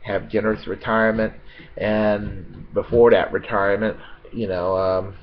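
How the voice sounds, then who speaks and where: An American man giving a rambling, unscripted political monologue, halting with many fillers and restarts and blunt with profanity. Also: on the low side, level tone, highs cut off, a little hiss or hum. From United States.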